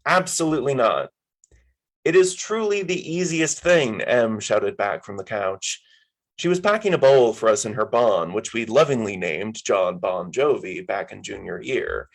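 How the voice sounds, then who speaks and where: A man's voice: lowish voice, gravelly, rough recording. A man reading his own fiction aloud at a story hour, in a casual, wry first-person style.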